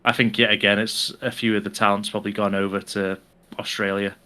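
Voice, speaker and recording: A man co-hosting an unscripted wrestling podcast, chatting in a relaxed way and running a quiz for his co-host. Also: on the low side, brisk. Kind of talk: casual unscripted chat.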